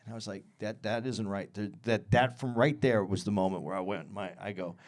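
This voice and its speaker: A man co-hosting a podcast in casual chat, animated, often acting out what others said. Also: fairly low pitch, fairly quick. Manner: animated, acts out quotes in a raised voice. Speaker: podcast co-host.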